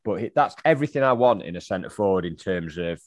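Animated low-voiced man. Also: quick pace, dry recording, clean studio sound. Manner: animated, recounts match moments, mimics the crowd. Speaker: podcast co-host. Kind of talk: casual football chat.

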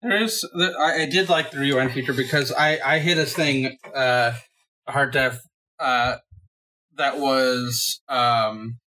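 A man in casual chat about a video game, talking haltingly as he searches for words. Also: medium pitch, fairly even intonation, sharp tone, rough recording.

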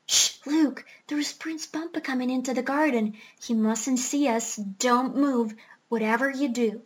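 A woman's voice: high-pitched, measured pace. Woman voicing a whispering clever parrot. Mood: urgent. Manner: hushed, conspiratorial. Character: clever scheming female parrot.

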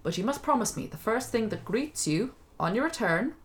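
A woman voicing a giant male hedgehog lord who speaks loudly, slowly and indignantly in a told fairy tale. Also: a little high, lively intonation, close to an everyday voice. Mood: stern. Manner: loud, slow and indignant.

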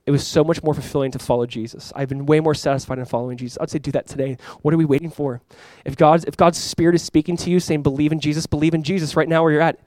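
A male pastor delivers a sermon at a quick clip, his voice sitting a little high for a man. He preaches in a conversational, emphatic way, with asides and direct appeals to his listeners. The sound is close and dry, with little room echo. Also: darkish tone. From California.

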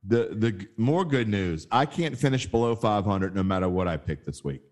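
A man's voice: lowish voice, animated, normal speed, a little mellow. A man co-hosting a casual sports betting podcast, wry and teasing, laughing often.

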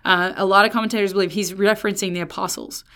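A woman's voice: mid-range voice, fairly even intonation, quick pace, a bit bright. Chatty, emphatic woman teaching Scripture. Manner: chatty, emphatic, self-interrupting. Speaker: Bible teacher. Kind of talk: casual Bible teaching.

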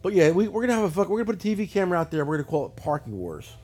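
Middle aged guy hosting a podcast, talks real fast, high voice, swears nonstop. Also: slightly rough, soft background music. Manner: profane, animated storytelling. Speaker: podcast host. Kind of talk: casual chat.

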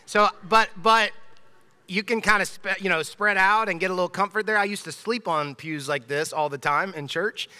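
Pastor, male, thirties; bright, crisp delivery, conversational and emphatic sermon; long church reverb. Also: sits high, moderate pace. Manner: conversational, emphatic, with frequent restarts. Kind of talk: casual sermon. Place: church sanctuary.

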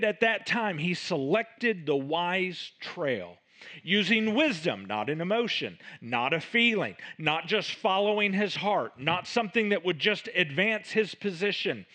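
A male pastor delivering a sermon, reading scripture and voicing its speakers with dramatic shifts in loudness. His pitch moves a great deal and sits a little high for a man. He speaks slowly, with a bright, forward tone. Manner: reads scripture aloud with dramatic swings in volume and pitch.

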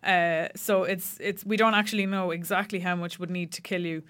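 Woman, podcast co-host, lowish voice, chatty explainer with restarts. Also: steady tone, moderate pace, fairly bright tone. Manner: explains facts with many fillers and restarts. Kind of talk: casual science chat.

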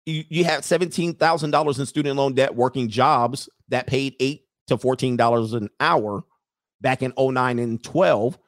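Brief: male livestream host, animated and emphatic rant, mid-pitched voice, close dry sound. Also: moderate pace, no echo.

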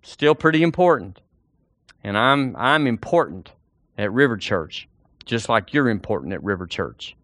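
A man's voice: fairly low pitch, expressive, unhurried, a bit bright, no room sound, studio quality. A man preaching a sermon as pastor, folksy and full of rhetorical questions.

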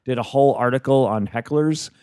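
A man's voice: mid-range voice, fairly quick, a little mellow, smooth, dry recording, clean studio sound. A man hosting a casual podcast, ranting with lots of swearing. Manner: profane, ranting. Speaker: podcast host.

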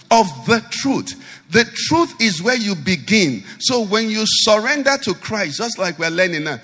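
A man's voice: sits high, sharp tone, long reverb tail. A man pastor, preaching a sermon animatedly and asking the congregation rhetorical questions.

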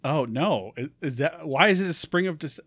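A man's voice: fairly high pitch, moderate pace, no room sound. A man co-hosting a tabletop gaming podcast, bantering playfully and laughing a lot. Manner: playful, laughs often, animated. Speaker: podcast co-host.

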